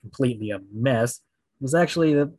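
A man's voice: medium pitch, a little fast, a little mellow, husky, no echo, low-quality recording. A man in casual podcast chat who talks in a rambling, candid way.

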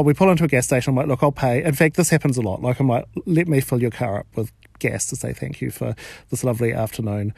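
A man with a New Zealand accent tells comic stories in a camp, animated way, swearing without a second thought. His voice has a gravelly edge, and the recording is dry and close with no room sound. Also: medium pitch, no echo. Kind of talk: stand-up style comic storytelling.

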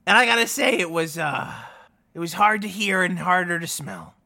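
A joking man playing a character at a tabletop game, laughing often. His voice is gravelly and bright, slow in pace but lively in pitch. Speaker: player.

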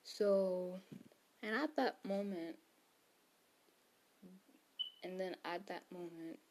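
A woman's voice: lowish voice, slow pace, noisy background. A woman retelling a story in casual chat, rambling with fillers and self-corrections, and sometimes dropping to a whisper for quotes.

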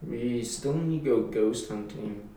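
A man co-hosting a podcast in casual joking chat, deadpan with absurd jokes. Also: mid-range voice, a little slow, recorded from a distance, a little hiss or hum. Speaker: podcast co-host. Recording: very echoey room, away from mic.

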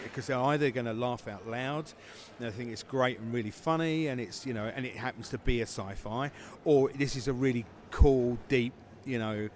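A man's voice: medium pitch, moderate pace, hardly any pauses, a little hiss or hum. A man who founded a film festival, answering interview questions casually with many fillers and restarts.

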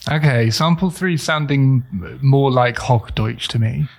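A man's voice: medium pitch, measured pace, gravelly. Musing male podcast co-host. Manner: reflective, musing and hesitant. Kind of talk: casual chat.

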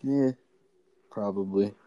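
A man's voice: lowish voice, slow pace, dark tone, no echo, muffled recording. A man co-hosting a casual chat, laid-back and jokey, with plenty of slang.

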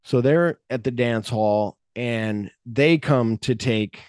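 A male podcast host talking casually at an ordinary middle pitch. He rambles through a story with lots of fillers and acts out quotes in an animated way, in a dry, close recording. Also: takes it slowly, clean tone, dry recording. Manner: rambling, animated plot retelling with acted-out quotes.

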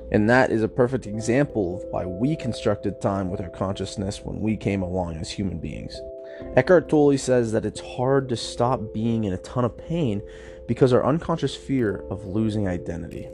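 A man hosting a casual podcast, talking through a self-help book in an upbeat, chatty way, with a slightly rough morning voice. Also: mid-range voice, darkish tone. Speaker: podcast host.

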